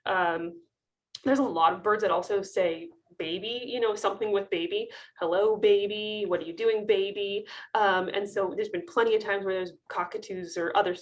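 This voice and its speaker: A woman's voice: mid-range voice, normal speed. A woman in her thirties, an avian veterinarian, telling funny clinic stories in a casual webinar talk over a video call, chatty, laughing often, with many ums and restarts.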